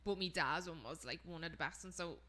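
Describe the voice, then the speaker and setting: A young woman from Dublin with a Dublin accent and a bright, clear voice, chatting as a podcast co-host. She tells stories in a lively way and acts out her family's lines as she goes. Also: low voice, brisk. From Ireland. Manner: animated storyteller who acts out family voices. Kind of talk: casual chat.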